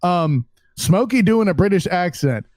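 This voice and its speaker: High-voiced man, rambling banter, dry sound. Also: expressive, measured pace, darkish tone, dry recording. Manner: rambling, blunt, swears. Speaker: podcast co-host. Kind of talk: casual chat.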